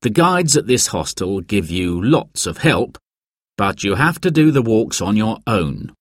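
A man's voice: on the low side, big pitch swings, measured pace, husky, no room sound, clean studio sound, exaggerated voice. A man doing a patient, kindly dad. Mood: explaining. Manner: gentle, reassuring explanations. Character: kindly father, patient and encouraging.

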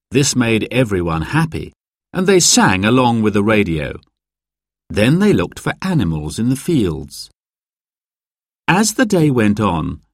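A man narrating a children's storybook slowly and clearly. His lowish voice moves expressively, and the recording is close and dry with no room sound. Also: dry recording. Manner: slow, clear, expressive reading. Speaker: audiobook narrator.

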